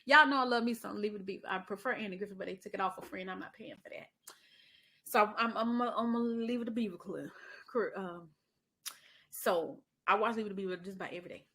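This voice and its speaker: A middle-aged woman hosting a podcast, telling a story in a chatty way, calling her listener honey and dropping into soft asides. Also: mid-range voice, fast talker. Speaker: podcast host. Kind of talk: casual podcast monologue.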